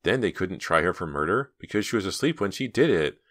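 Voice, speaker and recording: A man's voice: sits low, animated, a little fast, a bit bright, no room sound, clean studio sound, pitched above the performer's own voice. A man voicing a teasing teenage girl. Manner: playful, nosy.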